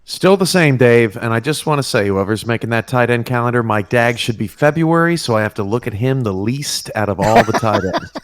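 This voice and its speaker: A man's voice: mid-range voice, expressive, fairly quick, few pauses, no echo. A man joining casual panel chat with a teasing, joking manner.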